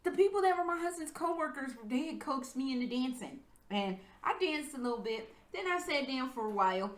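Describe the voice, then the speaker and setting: A young American woman casually telling a story at home, profane and animated, acting out the people she quotes. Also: high voice, a little fast, echoey room. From United States. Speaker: vlogger. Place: her apartment.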